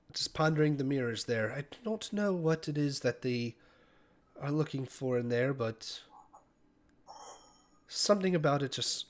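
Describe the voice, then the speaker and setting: A man voicing a calm female tentacled creature who looks after children, speaking in a polite, measured, wary way. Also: mid-range voice, lightly acted. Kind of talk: tabletop role-play voice.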